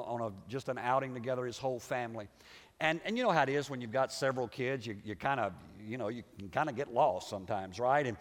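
A man preaching a sermon as pastor. He swings between shouted high points and hushed, low, slow passages. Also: long reverb tail.

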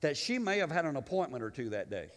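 A man preaching a sermon as pastor, swinging from booming proclamation to quiet conversational asides and often repeating his words. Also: very animated, fast talker, big-room sound.

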